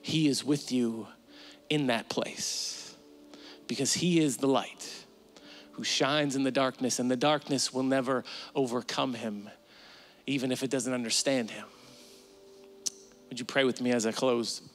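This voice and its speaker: A man preaching a sermon as pastor, animated, acting out inner voices with sudden jumps in pitch and dropping to soft, slow tones for prayer. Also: soft background music. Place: church stage.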